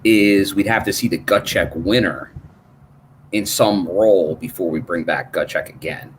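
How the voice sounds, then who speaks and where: A man on a chat panel, thinking aloud in a measured way. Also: sits low. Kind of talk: casual chat. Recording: clear background noise.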